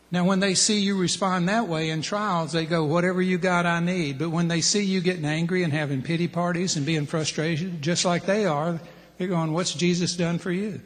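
A man's voice: fairly high pitch, in a large hall. A middle-aged man preaching a plain-spoken sermon to men, listing his points one by one. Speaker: preacher at a men's ministry.

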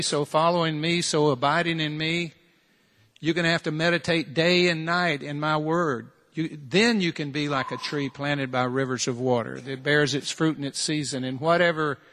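Earnest preacher in a reverberant hall. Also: male voice, a little high, a bit bright. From United States. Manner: earnest, direct preaching full of repeated challenges and rhetorical questions. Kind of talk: sermon.

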